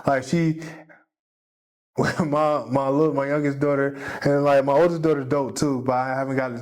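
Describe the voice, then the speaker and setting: A man's voice: medium pitch, flat delivery, normal speed, darkish tone. Heartfelt rambling man, casual talk. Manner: rambling, heartfelt, fills with "you know what I mean". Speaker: podcast guest, jiu-jitsu competitor. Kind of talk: casual conversation.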